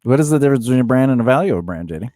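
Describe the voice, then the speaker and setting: A man's voice: mid-range voice, expressive, very fast, warm tone, no room sound, clean studio sound. A man co-hosting a casual podcast chat, teasing his partner and laughing often. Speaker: podcast co-host.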